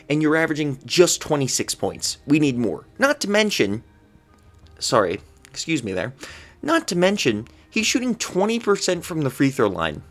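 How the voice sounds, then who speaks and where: A man delivers a solo basketball rant to camera with an incredulous, exasperated edge. His pitch swings widely as he fires off rhetorical questions. He sometimes trips over his words when he gets worked up. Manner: stammers when flustered. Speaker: basketball commentary vlogger.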